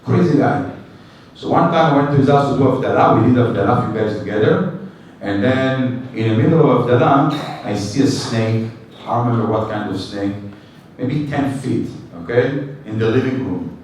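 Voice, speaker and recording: A man teaching a Torah class as a rabbi, telling stories in an animated way and acting out dialogue in simple, English. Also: mid-range voice, moderate pace, a little hiss or hum. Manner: animated storyteller, acts out dialogue, non-native English phrasing. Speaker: rabbi giving a weekly class. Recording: echoey room recorded from a distance.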